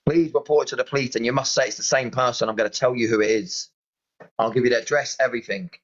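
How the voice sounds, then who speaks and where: A man's voice: medium pitch, steady tone, fast talker, muffled recording. A man from the UK with a British accent, chatting casually on a live stream, pleading and exasperated and repeating himself. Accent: British English. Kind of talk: casual livestream chat.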